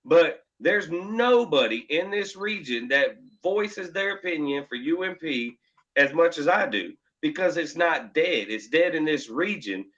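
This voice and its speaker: Passionate fast-talking racer, bright lo-fi. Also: male voice, on the high side, animated. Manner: emphatic, passionate, repeats himself. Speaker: UMP modified racer. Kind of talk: heated panel debate. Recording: dull lo-fi stream audio.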